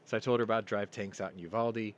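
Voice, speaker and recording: A man hosting a casual live-stream chat, rambling through stories and getting loud and excited as he tells them. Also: on the low side, fast talker. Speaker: podcast host. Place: home room. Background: yard work outside.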